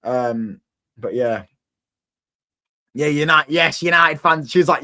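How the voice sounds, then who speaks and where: A man's voice: a little high, slow pace, long pauses, sharp tone. A young man, hosting a casual livestream and chatting with viewers in a rambling, slangy way, repeating himself and laughing often. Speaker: livestream host. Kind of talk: casual livestream chat reacting to viewer comments.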